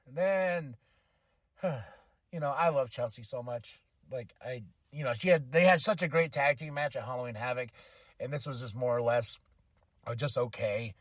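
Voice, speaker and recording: Excitable man recapping wrestling, dry close mic. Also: mid-range voice, normal speed, dry recording. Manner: animated, acts out quotes in changing voices, laughs often. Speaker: podcast host. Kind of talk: casual wrestling show recap.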